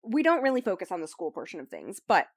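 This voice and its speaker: A woman's voice: fairly low pitch, wildly swooping pitch, fast talker, dry recording, studio quality. A young woman casually summarizing a novel on a podcast, rambling with lots of likes and ums. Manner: rambling, filler-heavy, says "like" and "um" often. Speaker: book club host recapping the book.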